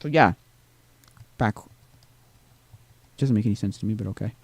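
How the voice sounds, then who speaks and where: A man's voice: on the low side, moderate pace. A man streaming a video game live, rambling to himself with tag questions and drifting into exasperated rants. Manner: exasperated ranting. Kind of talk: live gameplay commentary.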